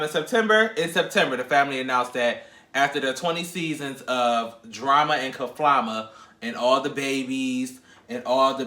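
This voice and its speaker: Sassy gossiping man in an echoey room. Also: mid-range voice. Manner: sassy, gossipy, animated, laughs often. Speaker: podcast host. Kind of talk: casual pop-culture commentary.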